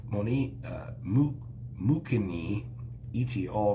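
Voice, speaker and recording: Man, very low pitch, halting reading of legal citations, faint background noise. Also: animated, mellow. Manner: halting, stumbles over case names and citations. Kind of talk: reading legal text aloud.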